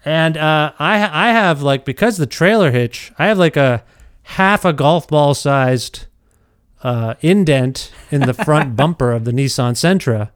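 A middle-aged man tells a self-deprecating story in a casual, animated way, often stumbling and restarting. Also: a little high, measured pace, clean tone, no echo, studio quality. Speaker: podcast storyteller.

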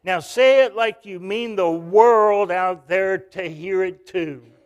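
A man's voice: high voice, takes it slowly, clear, resonant tone. A male pastor preaching a sermon, telling a story and calling out to the congregation.

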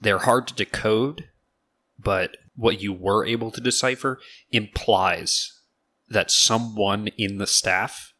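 Man game master, steady descriptive narration, deep voice, bright tone. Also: slow.

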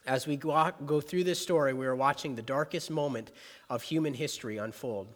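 A man preaching a sermon as pastor, animated and conversational, sinking to soft earnest tones toward prayer. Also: mid-range voice, fairly quick, long reverb tail.

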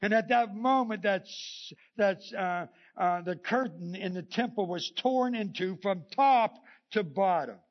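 Male preacher with a raised pitch, lively and chuckling as he tells stories, captured on a muffled, lo-fi recording. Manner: animated storytelling, acting out the scripture quotes; chuckles often between points. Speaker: pastor. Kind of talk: sermon. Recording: dull lo-fi sermon recording.

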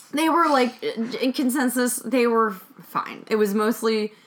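A woman's voice: fairly high pitch, fairly even intonation, slow. A woman hosting a podcast, chatting casually and jokingly about a documentary she watched. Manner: chatty, joking, does mock voices. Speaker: podcast host. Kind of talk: casual chat reviewing a documentary.

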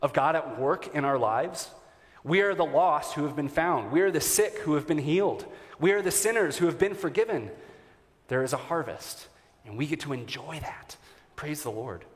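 A man preaching a sermon to his congregation as their pastor, earnest and warm, with occasional fillers and restarts. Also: a little high, lively intonation, moderate pace. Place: church sanctuary. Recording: reverberant church hall.

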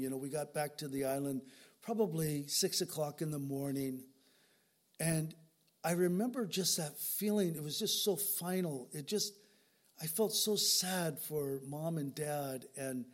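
An older male pastor preaching an earnest sermon, telling stories and often repeating words as he speaks. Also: fairly high pitch. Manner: earnest, storytelling, repeats words when moved.

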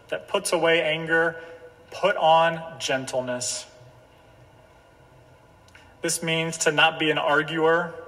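A man pastor delivering a sermon, slow and emphatic, repeating key phrases. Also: fairly high pitch, a bit bright. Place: church sanctuary. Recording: church hall reverb.

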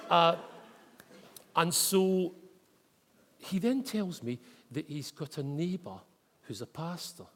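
A Scottish man preaching a chatty storytelling sermon, dropping in local words like wee and mate. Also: a little high. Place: church hall with congregation. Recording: long reverb of a church hall.

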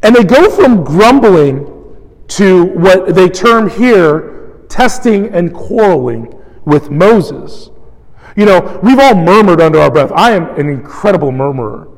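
A male pastor preaching a sermon in a conversational, animated way, often acting out the complaints he quotes. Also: high-pitched, a little slow, long reverb tail, low-quality recording.

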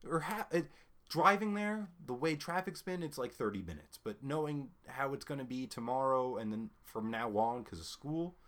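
A man's voice: medium pitch, normal speed. Foul-mouthed man venting a story. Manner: heavy cursing, animated retelling with quoted back-and-forth; frequent "like" and "right?" fillers, laughs mid-sentence. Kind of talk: casual chat, venting story.

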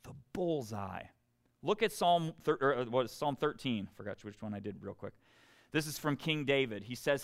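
A man's voice: medium pitch, animated, moderate pace, gravelly. A man preaching a sermon as pastor, talking in a conversational way and often putting questions to his listeners. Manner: conversational, asks the congregation questions.

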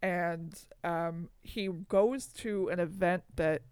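A woman's voice: on the low side, takes it slowly, clear, resonant tone, dry recording. Chatty woman podcaster, dry sound. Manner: chatty, animated retelling, swears, laughs often. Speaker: podcast co-host. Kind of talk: casual chat.

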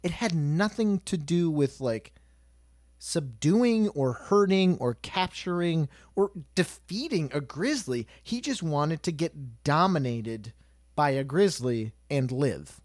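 A man chatting casually on a podcast, animated and swearing freely. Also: fairly high pitch, slow, dry recording, clean studio sound. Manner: animated, swearing, quoting people in put-on voices.

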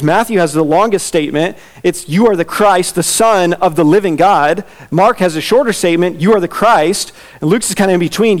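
A man preaching a conversational sermon, animated and chatty, often laughing as he explains. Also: high-pitched. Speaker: pastor.

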